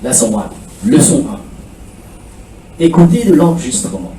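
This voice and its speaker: A man's voice: fairly high pitch, a little slow, distant mic. Man lecturing in an echoey room. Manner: animated lecturing, mixing French phrases and drills. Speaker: school principal giving a seminar. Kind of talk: seminar talk to prospective students. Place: presentation room. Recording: echoey room, voice from afar, faint background hum.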